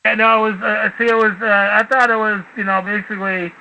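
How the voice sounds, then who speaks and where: A man's voice: sits high, little pitch movement, fast, creaky, dull audio, slight background noise. A man hosting a casual radio talk show, blunt and rambling, with profanity.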